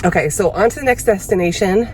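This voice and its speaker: A woman's voice: medium pitch, fast talker. A woman vlogging casually on a hike, chatty and out of breath. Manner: chatty, laughs often. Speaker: car camping vlogger. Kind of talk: casual vlog narration. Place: outdoors on a hiking trail. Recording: outdoor ambience, loud background noise. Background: loud outdoor and vehicle noise.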